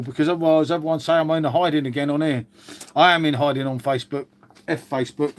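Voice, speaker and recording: Brief: man, casual live-stream host, gutted and sweary, voice sits a touch high. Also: fairly even intonation, fast. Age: older. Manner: glum, swears often, addresses viewers as mate. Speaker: channel host. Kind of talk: casual live chat to viewers.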